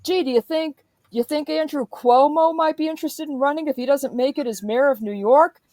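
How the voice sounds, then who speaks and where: A woman's voice: high voice, a little fast, darkish tone, no echo. A woman in a profane, emphatic political rant, speaking as a podcast host.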